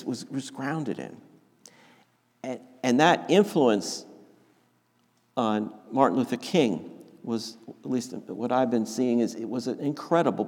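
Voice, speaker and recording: A man delivering a sermon at an unhurried, measured pace, stressing key words and circling back over his phrases. His voice is of middling pitch and rings out with the long reverb of a big hall. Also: a little mellow. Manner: slow, deliberate and emphatic, with frequent restarts. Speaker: preacher.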